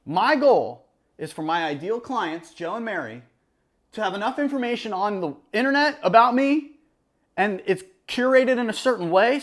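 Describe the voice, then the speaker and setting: A man who works as a wedding DJ, giving other DJs casual advice in an energetic, emphatic way with lots of fillers. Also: sits high. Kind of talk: casual advice talk to camera.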